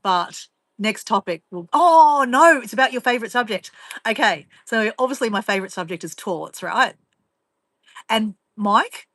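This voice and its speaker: Australian woman vlogger, bright tense voice, dry close sound, rambling and teasing. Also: medium pitch, lively intonation, normal speed, husky, dry recording. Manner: rambling, chatty, laughs often, teasing. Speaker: vlogger reading viewer comments. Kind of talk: casual live chat.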